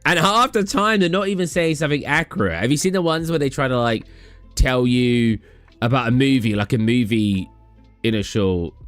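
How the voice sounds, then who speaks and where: A young man with a British accent keeps up a casual, rambling chat with his stream viewers and plays out his reactions. His voice is mid-range and a bit bright, moving at a moderate pace, captured dry with faint music behind.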